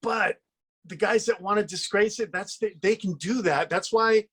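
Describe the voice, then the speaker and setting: A man's voice: sits high, normal speed, fairly bright tone, slightly rough. A middle-aged man guest on a talk panel, telling earnest anecdotes and opinions.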